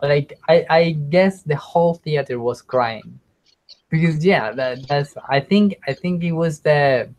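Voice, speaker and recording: A man's voice: a little high, unhurried, darkish tone, rough recording. A man who is an English student, telling a story in casual conversation practice, hesitant, with many restarts as he searches for words.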